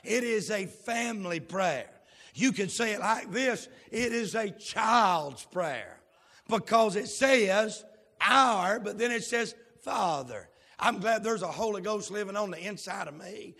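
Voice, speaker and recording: A male pastor preaching a sermon in a church, drawling key words and breaking into whoops and shouted emphasis. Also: high-pitched, lively intonation, a little slow. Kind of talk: sermon with opening prayer. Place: church sanctuary. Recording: long hall reverb.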